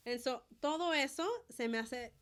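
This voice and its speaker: A woman's voice: sits high, normal speed. Bilingual woman retelling a story. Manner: switches between English and Spanish mid-sentence, animated retelling. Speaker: podcast co-host. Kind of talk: casual chat.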